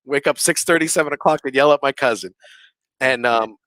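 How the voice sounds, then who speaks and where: Speaking a little fast in a slightly bright, mid-range voice, this male podcast guest casually recounts a ghost experience with no echo in the recording. His telling rambles, packed with "like" and "you know," and he performs the quoted lines.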